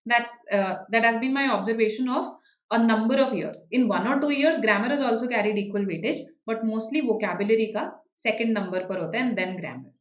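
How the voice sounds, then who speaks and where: A woman's voice: fairly high pitch, brisk, reverberant, highs cut off. A woman with an Indian English accent teaching an exam-prep class online, explaining points and checking in with "okay" and "right". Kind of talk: online live class, answering student questions.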